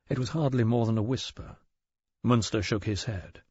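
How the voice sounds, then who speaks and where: A man narrating a mystery audiobook in a measured, even storytelling manner. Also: mid-range voice, breathy edge, no room sound, lo-fi sound. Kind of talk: scripted narration.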